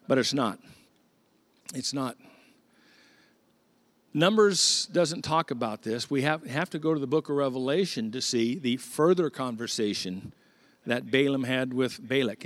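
Lively male preacher, dry sound. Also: mid-range voice, no echo. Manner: animated conversational storytelling. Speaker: pastor. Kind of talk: sermon.

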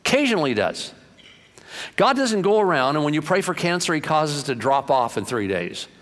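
A man's voice: a little high, big pitch swings, fairly quick, a bit bright. A male pastor giving a sermon in an emphatic, conversational way, often repeating himself, with long hall reverb.

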